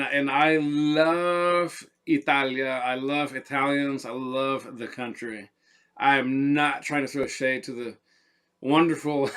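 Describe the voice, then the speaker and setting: A man talking casually as a perfume reviewer, animated and rambling, often repeating his words. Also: medium pitch.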